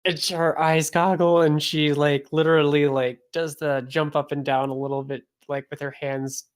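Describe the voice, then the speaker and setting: A woman's voice: deep voice, little pitch movement, normal speed. Casual woman game master. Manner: casual, lots of "like" and fillers. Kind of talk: narrating a tabletop game.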